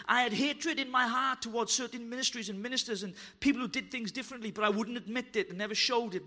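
Fervent preacher with a bright, high voice. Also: male voice. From Wales. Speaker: pastor. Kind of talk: sermon. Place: church hall.

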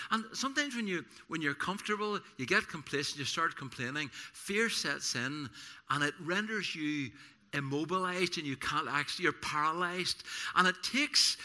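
A man pastor preaching a sermon in a church service, telling personal stories in an animated, self-deprecating way with many restarts. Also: on the high side, moderate pace.

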